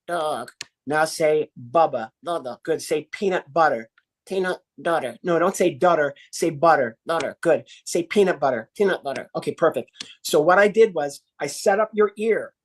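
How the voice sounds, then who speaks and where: An American man in his sixties, a ventriloquist guest on a podcast interview, teaching in an animated, demonstrative way. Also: fairly high pitch. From United States. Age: 60s. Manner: animated, demonstrative teaching, acts out little voices.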